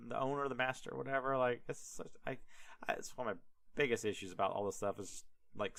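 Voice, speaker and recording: A young male podcast host retells scripture in an irreverent, rambling style, full of fillers and asides. His voice is bright and smooth, and the recording is close and dry with no room sound. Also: medium pitch, no echo.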